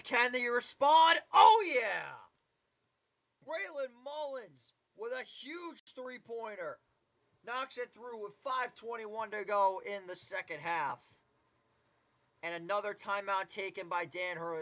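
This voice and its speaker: A man's voice: high-pitched, lively intonation, unhurried, a bit bright. A man doing casual live play-by-play commentary of a basketball game, with chatty asides and mild swearing.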